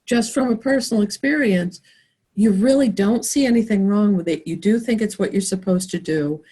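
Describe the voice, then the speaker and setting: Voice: medium pitch, moderate pace, mellow, husky. A podcast guest speaking earnestly and reflectively from personal experience. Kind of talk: casual conversation.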